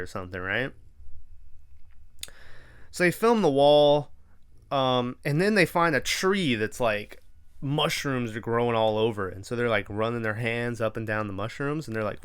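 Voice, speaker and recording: A man's voice: mid-range voice, expressive, a little slow, a bit bright, clear, resonant tone. Profane rambling young man recapping a movie. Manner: rambling, profane, acts out characters' lines. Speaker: podcast host.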